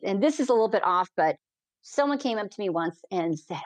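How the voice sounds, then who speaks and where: A woman balloon pilot telling heartfelt stories as a guest in an interview, animated and quick in bursts. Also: medium pitch, dry recording. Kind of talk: emotional storytelling in a podcast interview.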